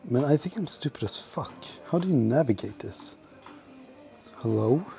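A man's voice: mid-range voice, lively intonation, normal speed, creaky, a little mellow, soft background music. A man livestreaming from the gym, chatting casually with viewers in a profane, self-mocking way. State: out of breath at times. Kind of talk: casual livestream chat while working out.

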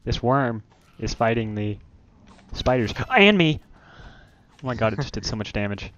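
A man hosting a let's play, chatting casually while gaming and breaking into loud startled exclamations. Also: on the low side, fairly even intonation, normal speed, muffled recording.

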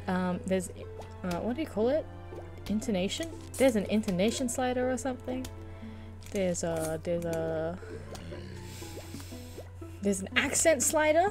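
Giggly young woman streaming a game. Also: mid-range voice. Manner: giggly, playful, rambling. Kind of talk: casual gaming stream chat.

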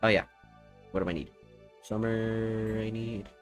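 A man's voice: on the low side, steady tone, unhurried, over loud music. A man streaming a farming game, chatting with viewers and muttering to himself. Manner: mumbles to himself, then shouts and laughs when surprised. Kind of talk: casual gameplay livestream chat.

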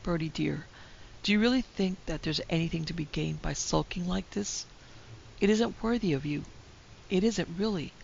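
A woman voicing a quick-tempered, proud young wife in a storybook reading, her voice heated and trembling. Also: lowish voice, vocal fry, darkish tone. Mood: pleading. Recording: dull lo-fi recording with faint hiss.

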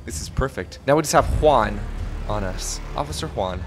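A young man narrates his own getaway in a role-play game, joking and exclaiming as he drives. His voice is bright and forward, and his pitch swoops up and down constantly. He sounds close to a headset mic. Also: moderate pace, faint music behind. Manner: excitable, jokey, talks to himself while driving. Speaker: streamer playing a robber. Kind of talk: gameplay commentary with role-play.

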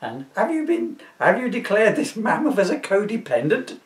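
Smug pen-pushing official done by a man, lively pitch, roomy far-off sound. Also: moderate pace. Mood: condescending. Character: smug officious male bureaucrat. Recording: roomy, from a distance.

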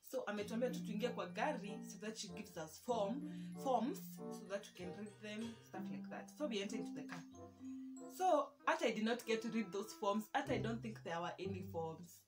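A woman's voice: mid-range voice, animated, normal speed. A young Kenyan woman with a Kenyan accent telling a storytime vlog, chatty and self-mocking, dropping Swahili words into her English. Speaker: vlogger. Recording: music playing underneath.

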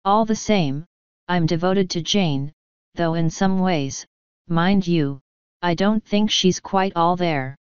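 A nervous young man from an audiobook , read by a woman fumbles and restarts his words. The voice is low and smooth. The recording is dry and slightly muffled. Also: no room sound. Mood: frank. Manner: hesitant, halting. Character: anxious young male actor, hesitant.

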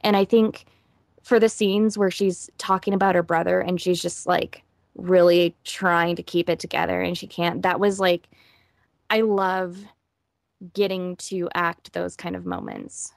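A woman voice actress being interviewed, talking casually and quickly with frequent laughs. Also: fairly low pitch, flat delivery, vocal fry, no room sound, clean studio sound. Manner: chatty, quick, laughs often.

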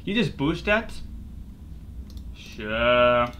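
A man giving casual live commentary over his own gameplay, excitable and quick to swear and laugh at his plays. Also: mid-range voice, slight background noise. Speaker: gaming YouTuber.

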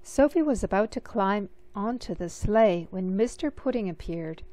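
A woman reading a children's picture book aloud, slow and expressive. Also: medium pitch, no echo. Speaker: storybook reader.

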